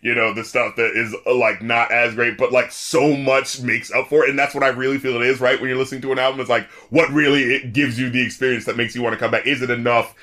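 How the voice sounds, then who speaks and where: Animated, bright-voiced man chatting on a podcast. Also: mid-range voice, fast talker, few pauses. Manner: animated, laughs often, swears freely, acts out quotes. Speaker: podcast co-host reviewing albums. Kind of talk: casual chat.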